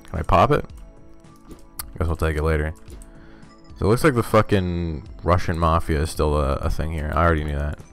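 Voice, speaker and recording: A deep-voiced man narrates his own video game playthrough in a loose, casual way. He swears constantly and drops wry, offhand remarks between moves, and faint music plays behind him. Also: fairly quick, long pauses. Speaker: game streamer. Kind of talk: casual let's-play commentary.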